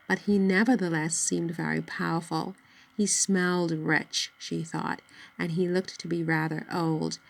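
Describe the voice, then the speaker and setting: A woman reads a novel aloud in a steady, measured way. Her voice is low with a noticeable gravelly fry, and the delivery stays even, as in a scripted audiobook. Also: low-quality recording. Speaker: narrator.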